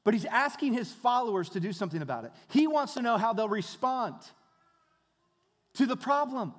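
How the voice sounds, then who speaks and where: A man leads a sermon as pastor, keeping it conversational and stacking rhetorical questions and repeated phrases. His voice sits high for a man. It rings out with a long reverberant tail in a church hall. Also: lively intonation, moderate pace.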